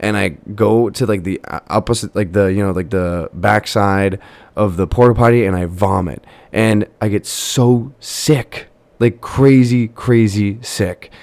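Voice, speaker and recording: Young guy podcast host, low voice, rambly storytelling full of likes and ums, dry mic. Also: measured pace, no room sound. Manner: rambling, filler-heavy, animated retelling. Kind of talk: casual storytelling.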